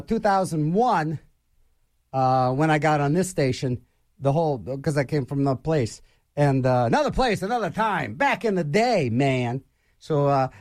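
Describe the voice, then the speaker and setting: A man's voice: a little high, no room sound, studio quality. A middle-aged man talking casually on air as a radio DJ, rambling with many restarts and fillers.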